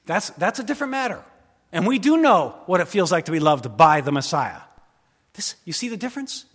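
A man preaching in a large hall, his slightly high voice ringing out with a long reverb tail. He preaches with drama, rising to loud emphasis and then dropping to hushed, intimate asides. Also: sing-song, normal speed. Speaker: pastor. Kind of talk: sermon.

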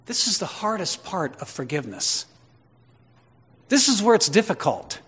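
A male preacher delivering a sermon with emphatic, questioning energy. His voice sits on the higher side for a man. It echoes with a long reverb, as in a large hall. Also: sing-song, moderate pace, a bit bright, husky. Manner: emphatic, full of rhetorical questions.

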